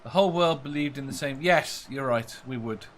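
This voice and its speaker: A man's voice: mid-range voice, normal speed, very noisy. A man hosting a casual podcast chat, reading listener comments aloud and laughing often. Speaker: podcast host.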